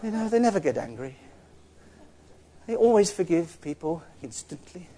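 A man's voice: fairly high pitch, big pitch swings, moderate pace, dark tone, some chatter behind. A man preaching a sermon in an earnest, conversational way, with asides to the congregation.

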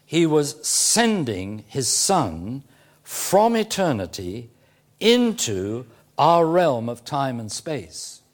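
A man preaching a sermon, teaching slowly and deliberately with emphatic phrasing and occasional fillers. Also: mid-range voice, big pitch swings. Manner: occasional throat clearing and "uh" fillers.

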